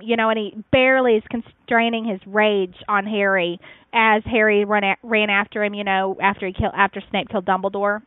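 A woman's voice: mid-range voice, steady tone, fairly quick, no echo. A woman chatting casually as a podcast co-host reviewing fan fiction, rambling with frequent fillers and restarts. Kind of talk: casual chat. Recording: tinny phone-like line, dry.

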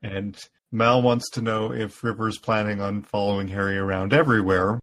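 A man's voice: lowish voice, fairly even intonation, moderate pace, a bit bright. A man co-hosting a podcast, casually recapping a story and often laughing while he retells it. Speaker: podcast co-host.

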